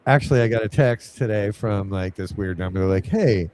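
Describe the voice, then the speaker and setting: Low, mellow-voiced man telling rambling stories. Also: a little fast, a little hiss or hum. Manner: rambling anecdotes with many fillers. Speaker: co-host of a paranormal trivia show. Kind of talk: casual live-stream chat, storytelling.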